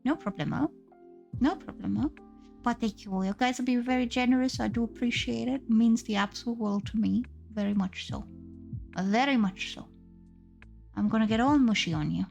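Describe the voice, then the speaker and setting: A woman's voice: fairly high pitch, moderate pace, gravelly, darkish tone, faint music behind. A woman streamer chatting casually and playfully with her live chat, giggling often and reading messages aloud.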